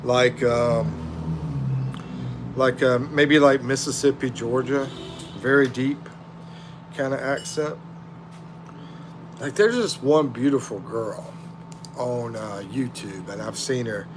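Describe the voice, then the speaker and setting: A middle-aged man hosts a casual livestream, his mid-range voice slow and full of frequent pauses over background noise. He drawls and rambles while reading viewer comments aloud.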